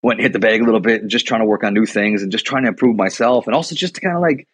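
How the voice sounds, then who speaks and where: A man's voice: fairly low pitch, very fast, a bit bright, slightly rough, no room sound. A man from Milwaukee, a combat sports coach, rambling through a casual chat with lots of "like" and "you know". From Milwaukee, USA. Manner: rambling storyteller, heavy use of "like" and "you know". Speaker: boxing and Muay Thai coach, guest.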